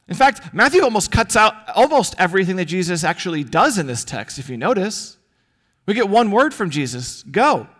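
A man preaching a sermon as pastor, earnest, with rhetorical questions and dramatic pauses. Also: high voice, fairly bright tone.

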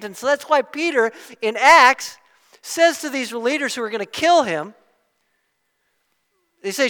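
A man preaching a sermon as pastor, impassioned and rising to loud peaks before dropping back to a closing prayer. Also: extremely high pitch, very animated, moderate pace, long pauses, in a large hall.

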